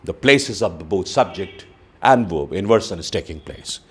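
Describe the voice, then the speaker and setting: A man teaching a grammar lesson. He explains slowly, reads example sentences aloud and often says "you know". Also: low-pitched, lively intonation, fairly bright tone, husky. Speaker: English teacher.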